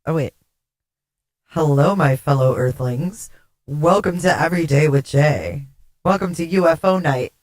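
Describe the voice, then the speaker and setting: A woman's voice: low voice, unhurried, darkish tone. A woman hosting a casual livestream, chatting with viewers by name, giggling and flustered while swearing casually, her voice run through a glitchy voice changer that makes her sound alien. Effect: glitchy voice changer making her sound alien. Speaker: livestream host. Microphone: desktop streaming mic.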